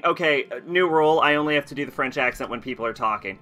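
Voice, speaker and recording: Bright-voiced chatty male streamer. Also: medium pitch, fast, faint music behind. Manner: chatty, laughs often, answers chat. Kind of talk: casual game stream commentary.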